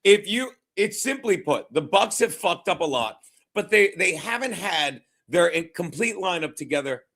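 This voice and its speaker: A man's voice: sits high, expressive, moderate pace, fairly bright tone. A man hosting a casual sports talk show, rambling and jokey with lots of swearing.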